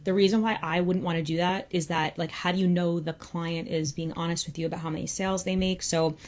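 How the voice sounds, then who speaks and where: A young woman hosts a live Q&A as a freelance copywriting coach, her voice sitting a little low. She talks in a loose, conversational way, filling her sentences with "like.". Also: little pitch movement, fairly quick, darkish tone. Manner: casual, conversational, peppered with "like". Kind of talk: live Q&A session.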